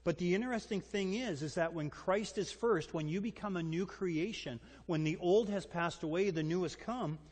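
A pastor preaches with emphatic, animated energy, pressing his congregation with rhetorical questions at a moderate pace and with few pauses. His voice is a little higher than most men's, and a long reverb tail suggests a large hall.

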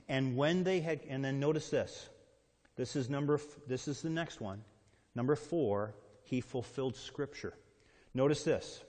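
A man's voice: medium pitch, animated, moderate pace, darkish tone. A man preaching a sermon with emphatic delivery, reading scripture aloud and putting questions to the congregation. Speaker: pastor. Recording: long hall reverb.

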